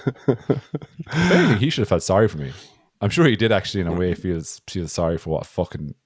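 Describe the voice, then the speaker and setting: An Irish man telling a story against himself on a podcast, voicing every part of it. His voice sits a little low but swings up and down a lot, and the sound is dry and close. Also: big pitch swings, quick pace, breathy edge, dry recording. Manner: self-mocking storyteller, acts out both sides of a story. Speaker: podcast co-host. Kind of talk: casual chat.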